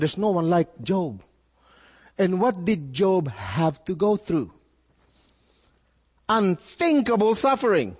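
A man's voice: on the high side, a little mellow, slightly rough. A male pastor preaching a sermon, putting questions to his listeners and repeating words as he builds his point. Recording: echoey hall with long reverb.

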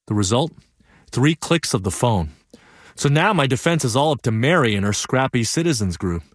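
A young actor narrating a one-man stage play as an earnest young man, telling the story in a lively, wry way. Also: mid-range voice, moderate pace, no room sound, clean studio sound, lightly acted.

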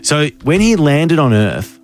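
A man's voice: fairly high pitch, big pitch swings, measured pace, soft background music. A man hosting a drive-time radio show, telling a story in playful, laughing banter. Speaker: radio host.

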